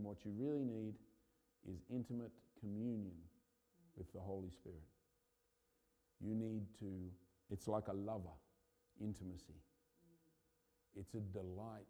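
A man, a pastor, preaching a sermon with impassioned urgency that builds to loud peaks. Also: lowish voice.

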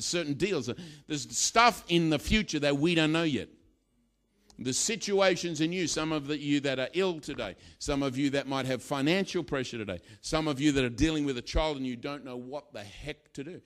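A middle-aged man preaching a sermon, telling a story with animated delivery and sudden loud bursts. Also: medium pitch.

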